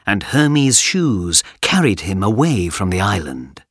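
A man narrating a scripted story for a coursebook, clear and deliberate. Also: lowish voice, very animated, no room sound, clean studio sound.

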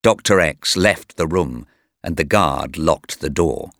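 Slow, bright-voiced male narrator. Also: very deep voice, no echo, studio quality. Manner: clear, slow and deliberate. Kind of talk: slow graded reader narration.

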